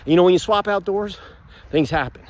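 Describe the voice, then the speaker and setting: A man talking casually while walking outside, rambling with lots of fillers and animated outbursts, recorded on a phone. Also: sits high, brisk. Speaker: vlogger, builder. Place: outdoors, walking past a pool.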